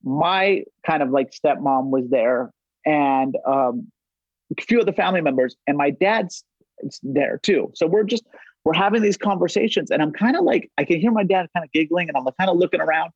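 Husky-voiced man telling rambling stories. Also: on the high side, brisk, no room sound. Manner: loose, rambling, heavy on "like", swears freely. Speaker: podcast guest. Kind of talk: casual storytelling chat. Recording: dull, dry lo-fi audio.

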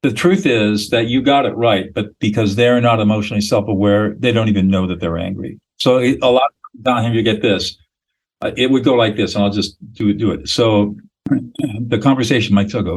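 A man's voice: on the low side, normal speed, slightly rough, rough recording. A man speaking as a guest expert in a podcast interview, explaining in a blunt, emphatic, lecturing way with short declarative statements.

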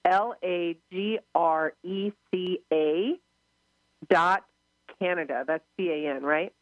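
A woman's voice: on the low side, slow pace, no room sound. A woman hosting a radio talk show, chatting casually and gushing, often laughing and acting out quoted voices. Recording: narrow phone-line sound, dry.

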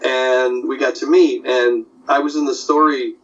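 A man who works as an animation story artist, chatting casually and telling animated anecdotes. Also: mid-range voice, a little slow, soft background music. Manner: animated storyteller, slips into character voices. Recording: distant, dull lo-fi audio.

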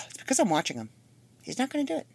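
A woman's voice: a little high, huge pitch swings, quick pace, darkish tone, husky, no echo. A woman in her fifties hosting a solo podcast, chatty and rambling with wry asides. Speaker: podcast host. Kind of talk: casual solo podcast monologue.

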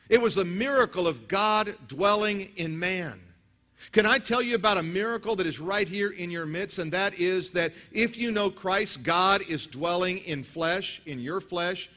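A man preaching a sermon as pastor, telling stories with acted quotes and lively delivery. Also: sits high. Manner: storytelling, animated with acted quotes.

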